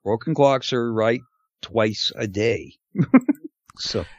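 A man's voice: mid-range voice, slow pace, no room sound, highs cut off. A man co-hosting a casual podcast chat, hesitant and wry, chuckling at his own jokes. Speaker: podcast co-host.

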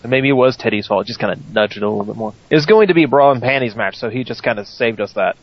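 A man's voice: mid-range voice, rapid-fire, dry recording, highs cut off. A man co-hosting a casual wrestling podcast, wry and chatty. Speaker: podcast co-host.

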